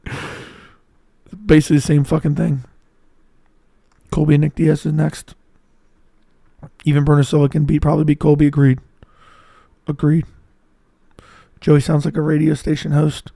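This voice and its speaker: A hoarse man hosting a livestream in casual commentary, answering chat with blunt, profane banter. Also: on the high side, monotone, moderate pace, pauses often, dark tone, dry recording, clean studio sound. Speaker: livestream host.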